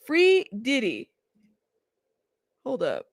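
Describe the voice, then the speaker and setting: A woman's voice: high-pitched, huge pitch swings, extremely slow, gravelly, dry recording, clean studio sound. A woman hosting a casual reaction commentary stream, chatty and exasperated, often laughing. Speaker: commentary channel host.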